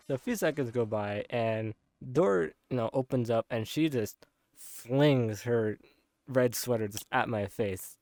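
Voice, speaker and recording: A man's voice: medium pitch, normal speed, a little mellow, soft background music. Rambling young man telling a dream. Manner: rambling, many filler likes, laughing often. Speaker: content creator. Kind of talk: casual storytelling of a dream.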